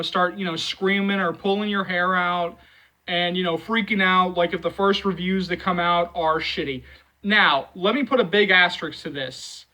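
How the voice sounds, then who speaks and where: Man, high bright voice, casual movie vlog, rambling, lots of fillers. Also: rough recording. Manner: rambling, repeats himself, many fillers; emphatic, reassuring fans. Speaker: movie channel host.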